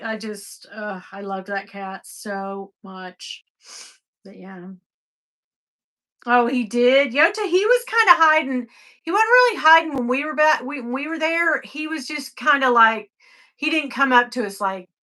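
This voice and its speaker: A middle-aged woman hosts a casual livestream, answering viewers in loose, rambling talk. Her voice is bright and forward, with a lot of swing. She drops into quiet, sighing stretches and then springs up into high, excited bursts. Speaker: livestream host. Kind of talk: casual live chat reading comments.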